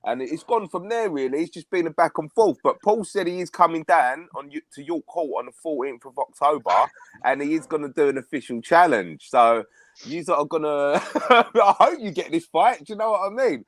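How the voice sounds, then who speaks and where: A man's voice: on the high side, lively intonation, moderate pace, a bit bright, no room sound. A man chatting on a live stream, telling a long rambling story. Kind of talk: casual chat.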